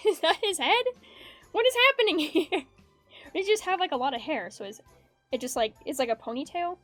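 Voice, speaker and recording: High-voiced woman chatting while drawing. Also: animated, brisk, a bit bright, no room sound. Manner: rambling, giggly, reads chat aloud. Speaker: art streamer. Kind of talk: casual chat while drawing. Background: faint background music.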